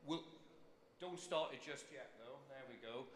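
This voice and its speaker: Bright-voiced British man speaking in an echoing hall. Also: medium pitch, normal speed, slight background noise. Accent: British English, London. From Britain. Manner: enthusiastic, chatty, building to cheers. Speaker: civic official giving a speech. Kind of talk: ceremonial speech to students. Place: large hall with audience. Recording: echoey hall with long reverb.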